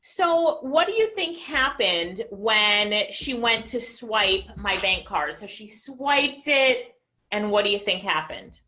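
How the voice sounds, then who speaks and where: A woman business coach giving an energetic motivational talk and asking the audience questions. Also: medium pitch, slow.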